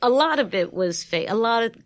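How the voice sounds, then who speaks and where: A woman with a Brooklyn New York accent, a guest in a studio interview, telling stories in a lively way and acting out the voices of the people she quotes. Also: on the high side, brisk, no room sound. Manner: lively storyteller who acts out quoted voices and laughs often. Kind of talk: casual interview storytelling.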